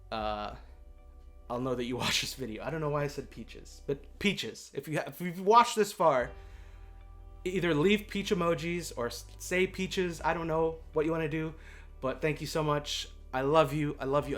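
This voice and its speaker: A man chatting straight to camera in a relaxed vlog sign-off, his voice sitting at an ordinary middle pitch. He rambles and gets excited, poking fun at himself between thank-yous. Faint instrument music plays softly underneath. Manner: excitable, rambling, self-mocking. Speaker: YouTube ukulele creator. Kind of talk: casual vlog outro. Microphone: desktop condenser mic.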